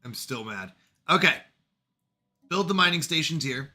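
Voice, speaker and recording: Game-streamer guy, high, very bright voice, lively pitch, self-scolding commentary. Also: a little slow. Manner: animated, scolds himself over mistakes. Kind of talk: let's play commentary.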